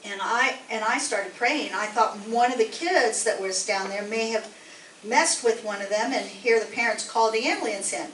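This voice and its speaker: Woman, 60s, rambling chatty anecdote, slightly high voice, picked up far off in an echoey hall with faint noise. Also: moderate pace, fairly bright tone. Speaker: meeting attendee telling a story. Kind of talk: casual anecdote to a group. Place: meeting hall. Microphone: distant room mic.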